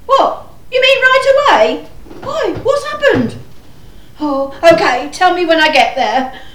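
A woman playing a frazzled, exasperated mother of many children in a panto, chatty and slow. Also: very high voice, expressive, a little hiss or hum, full character voice. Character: frazzled harried mother in a shoe house. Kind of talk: amateur panto acting. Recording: echoey room.

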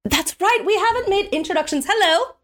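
A woman voicing a smug, flirtatious female space pirate captain with a teasing, drawn-out manner. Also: extremely high pitch, lively intonation, fairly bright tone, voice pushed up.

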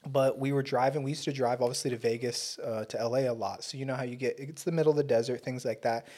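A young man hosts a relaxed chat among friends, joking and swearing freely. His voice sits at an everyday middle pitch. He talks in a loose, easygoing way. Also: quick pace. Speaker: podcast host. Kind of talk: casual chat.

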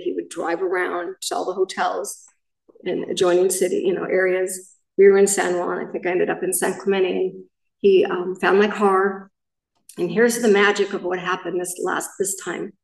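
A woman's voice: fairly low pitch, creaky, darkish tone, far from the mic. Candid woman telling her story, echoey room. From Southern California. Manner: candid, rambling storytelling with self-corrections. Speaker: main speaker at a recovery meeting. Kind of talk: personal recovery share.

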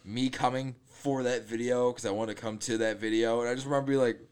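Man, mid pitch, crude storyteller in casual podcast chat. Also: steady tone, fast, a little mellow, smooth.

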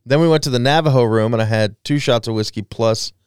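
A man's voice: medium pitch, fast talker, clean tone, no room sound, studio quality. A man co-hosting a podcast, telling stories in casual chat with a wry, teasing manner. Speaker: podcast host.

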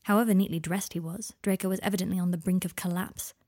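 A woman narrating fan fiction in a measured, intimate storytelling voice. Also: fairly low pitch, steady tone, a little mellow.

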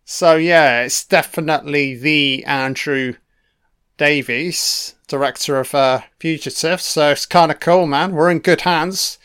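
A man's voice: on the high side, measured pace, a bit bright, smooth. A man giving a casual, profanity-filled commentary on a film, reacting to scenes as they play. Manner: heavy swearing, chatty reactions.

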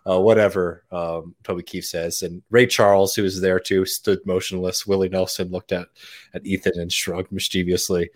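A man with a low-pitched voice chats casually on a podcast. He tells a long, rambling story, leaning on "um" and "uh" and breaking into easy laughter. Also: level tone, normal speed. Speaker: podcast guest. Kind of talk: casual chat.

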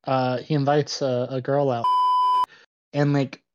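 A young man co-hosting a podcast, telling a bar story in lively casual talk full of swearing. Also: mid-range voice, unhurried, highs cut off, heavy background noise. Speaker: podcast co-host. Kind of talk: casual chat.

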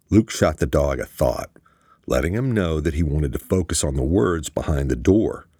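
A man narrating an audiobook in a steady storytelling manner. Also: a bass voice, slightly rough, no echo, studio quality. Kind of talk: scripted narration.

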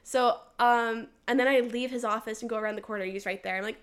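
A woman's voice: on the high side, fairly even intonation, fast talker, a bit bright, clear, resonant tone. A young woman co-hosting a casual podcast, telling stories animatedly, acting out quotes, with many "like" fillers. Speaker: podcast co-host. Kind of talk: casual storytelling chat.

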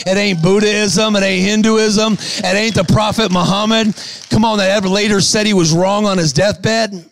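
A man's voice: high voice, normal speed, no echo. A man preaching a sermon, telling stories with acted-out voices and exhorting the crowd. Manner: animated storytelling, acts out quoted voices.

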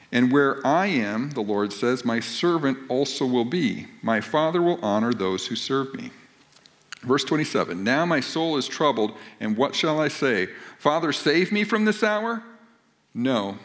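Animated male pastor preaching. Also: mid-range voice. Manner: reads scripture aloud and then explains it conversationally. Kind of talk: sermon.

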